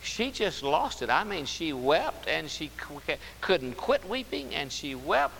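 A man's voice: a little high, big pitch swings, vocal fry, fairly bright tone. A man preaching a sermon, emphatic, stretching key words and repeating phrases. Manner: emphatic, drawn-out stresses and repetition. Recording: roomy hall reverb with faint hiss.

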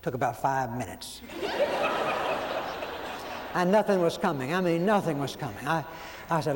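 A man, preaching a sermon as folksy, animated storytelling and acting out quoted voices. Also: on the high side, fairly quick. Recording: long hall reverb, faint background noise.

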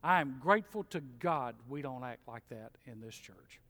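A middle-aged man preaching a sermon in a church, folksy and animated, mimicking grumblers. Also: medium pitch, moderate pace. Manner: animated, folksy, mocks complainers in mimicking voices. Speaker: pastor. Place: church sanctuary. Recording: long hall reverb.

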